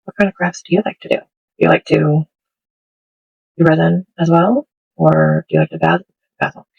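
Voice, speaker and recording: A middle-aged woman chats her way through a craft-with-me video, rambling easily between topics. Her voice is heavily gravelly with a husky, breathy edge. The phone audio sounds dull and lo-fi. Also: low voice, steady tone, normal speed. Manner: chatty and rambling, with soft laughs. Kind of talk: casual craft-with-me chat. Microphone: smartphone.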